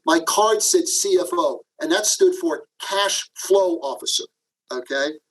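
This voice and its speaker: Middle-aged man, high-pitched, animated interview guest who acts out his anecdotes. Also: a little slow, husky, low-quality recording. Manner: animated, acts out quotes, frequent "okay?" asides. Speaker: guest, leadership professor. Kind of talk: podcast interview, storytelling.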